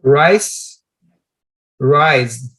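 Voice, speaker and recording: Slow man. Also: medium pitch, lively intonation, fairly bright tone. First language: Portuguese. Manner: asks careful questions, repeats words to practice. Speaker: adult ESL student.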